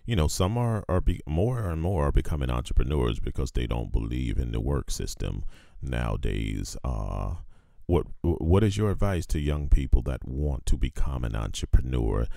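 A man hosting an interview, speaking slowly and with emphasis, drawing out key words. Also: very deep voice, vocal fry, warm tone, dry recording, clean studio sound. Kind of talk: conversational interview.

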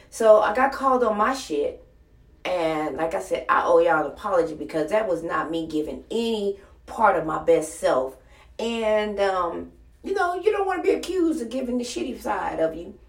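A woman's voice: mid-range voice, distant mic. Blunt profane woman talking off-mic. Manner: blunt, profane, animated storytelling. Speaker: content creator. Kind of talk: casual monologue to viewers. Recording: roomy sound, somewhat off-mic.

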